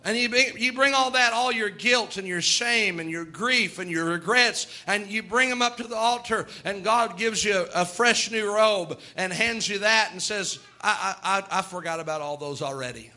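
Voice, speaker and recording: A man's voice: high voice, normal speed, hardly any pauses, pushed and bright. A male preacher, delivering a folksy sermon and voicing God and sinners in quoted asides.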